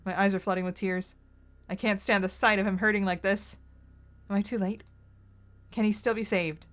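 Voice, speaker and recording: A woman's voice: mid-range voice, fairly even intonation, normal speed. Emotional woman reading a game aloud. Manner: emotional, reads narration aloud and reacts with outbursts. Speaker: game streamer. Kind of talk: visual novel playthrough with reactions.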